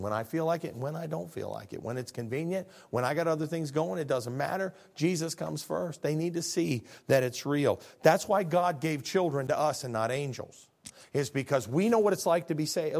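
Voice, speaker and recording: A man's voice: a little high, vocal fry. Fervent preaching man, rises and drops. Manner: earnest preaching, swings from quiet to loud and fervent; repeats words when building a point. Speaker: pastor. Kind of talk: sermon.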